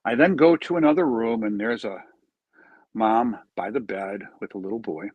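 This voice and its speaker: A man's voice: on the low side, normal speed, no room sound, phone-quality sound. A man, a charity founder, telling an earnest story in an interview and acting out the quoted dialogue.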